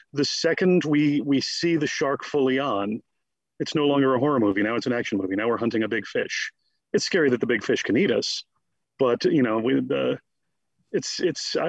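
Male guest scholar, husky, animated and digressive; dry, lo-fi recording. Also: mid-range voice, no echo. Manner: animated, digressive, slips into quick mock voices. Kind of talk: conversational interview.

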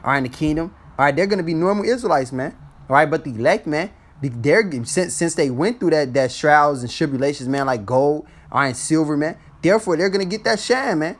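A man's voice: on the high side, animated, a little fast. A man teaching scripture in a casual, blunt street style, ending almost every phrase with "man". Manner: blunt and profane when exhorting.

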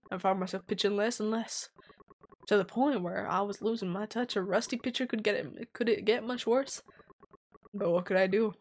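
A woman voicing a boastful, brawny middle-aged male circus pitcher who talks in a swaggering, self-important way. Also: natural voice. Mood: rueful.

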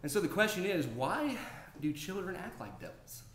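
A man's voice: sits high, very animated, moderate pace, a bit bright, slight background noise. A man preaching a sermon, earnest and building to emphatic exclamations, recorded in a church sanctuary. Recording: echoey church room, faint ambience.

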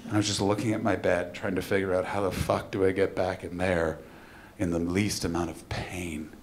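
Guy doing standup live, goes quiet and somber then loud on punchlines, echoey room, crowd noise behind. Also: low-pitched, little pitch movement, moderate pace. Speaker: stand-up comedian. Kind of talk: stand-up set. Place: live comedy venue at a festival. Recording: roomy live venue with audience noise.

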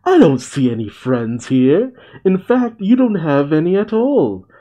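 A man's voice: fairly high pitch, big pitch swings, measured pace, mellow, muffled recording, pitched above the performer's own voice. A man reading the lines of a cruel male demon spirit in a manga, taunting coldly, close to his own voice. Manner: cold, taunting.

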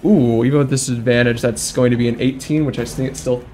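A man acting as game master, calling turns and rolls with brisk rules calls and frequent laughs. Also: medium pitch, steady tone, over music. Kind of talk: running a tabletop game.

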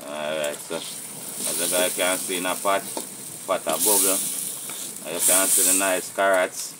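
A man with a Jamaican accent hosting a casual outdoor cooking vlog, talking to viewers in a relaxed, patois-flavoured way. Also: deep voice, slow, pauses often, background noise. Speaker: cooking channel host. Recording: sizzling pots and clatter behind. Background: frying sizzle and pot clatter.

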